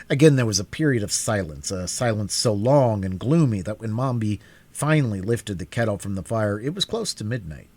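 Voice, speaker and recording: A man's voice: lowish voice, expressive, fairly quick, a little mellow. A man reading a classic children's book aloud in a live stream, narrating expressively. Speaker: reader.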